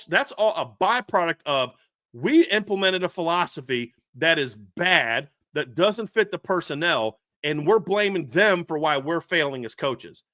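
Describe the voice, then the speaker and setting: A man's voice: high voice, bright, forceful tone, no echo, studio quality. A man co-hosting a sports podcast, ranting heatedly about his team's coaching, fired up and repeating himself with restarts. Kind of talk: heated sports commentary rant.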